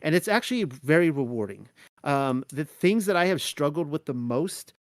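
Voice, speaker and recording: A man's voice: fairly high pitch, big pitch swings, normal speed, no echo, studio quality. A young adult man talking casually through a Bible study, rambling with many restarts.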